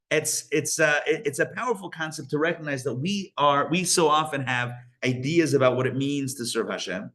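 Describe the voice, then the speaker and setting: A male rabbi telling a story in a live Torah class, conversational and animated, often restarting his sentences and using Yiddish and Hebrew religious terms. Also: fairly high pitch, normal speed, hardly any pauses.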